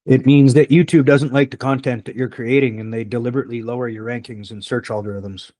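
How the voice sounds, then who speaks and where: A man's voice: mid-range voice, fairly even intonation, fast talker, warm tone. A man hosting his own channel, talking casually and rambling with restarts. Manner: rambling, restarts mid-sentence. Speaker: channel host. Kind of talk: casual chat.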